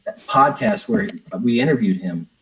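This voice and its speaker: Earnest and open in an interview, a male business coach on a podcast tells a personal story, restarting often and saying "man" a lot. He has a lowish, animated voice at a moderate pace, and the recording quality is low.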